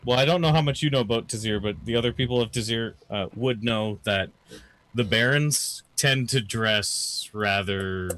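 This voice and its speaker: A man acting as dungeon master, describing scenes in a loose, halting way with many fillers. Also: medium pitch, fairly bright tone. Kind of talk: narrating a tabletop game.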